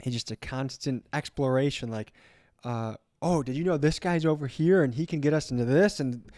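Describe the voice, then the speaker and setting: A young man talking casually on a podcast, earnest and animated, dropping into quoted voices mid-story. His voice sits in a medium range and sounds close and dry on a studio mic, with no room around it. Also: mid-range voice, normal speed, no echo. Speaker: guest, documentary filmmaker.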